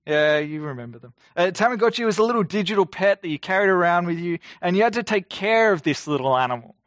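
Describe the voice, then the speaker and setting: A man in his forties delivering a sermon in a fairly high voice. He speaks in a measured, emphatic way and slows down to stress key phrases. The recording is dry and close. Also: lively intonation, dry recording. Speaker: preacher.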